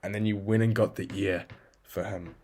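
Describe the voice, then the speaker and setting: Lower-voiced man scolding himself. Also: fairly even intonation, normal speed, darkish tone. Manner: scolds himself in the second person; blunt and profane. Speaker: video journal keeper. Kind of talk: casual self-talk journal.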